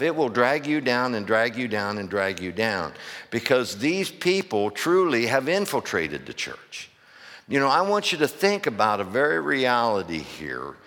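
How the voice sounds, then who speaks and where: A man's voice: medium pitch, a bit bright. A middle-aged man, a pastor, preaching a sermon in a church with emphatic questions to the congregation. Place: church sanctuary. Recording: long hall reverb.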